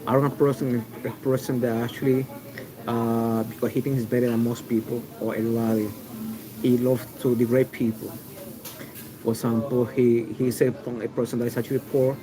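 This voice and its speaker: A man's voice: mid-range voice, level tone, fairly quick, crowd noise, low-quality recording. A man with a mixed New York City accent giving a rambling, opinionated talk on a livestream, full of restarts and fillers. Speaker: online video host.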